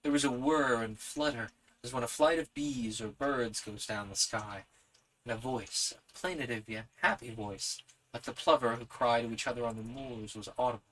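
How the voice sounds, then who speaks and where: A man reading a story aloud as the host of his own podcast. His delivery is soft and measured and sits at an ordinary pitch for a man. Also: rough recording.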